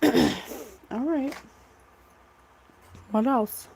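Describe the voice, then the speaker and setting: A woman's voice: a little high, huge pitch swings, very slow, a little mellow, a little hiss or hum. A woman giving a casual, rambling psychic tarot reading, full of fillers and asides. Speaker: psychic reader.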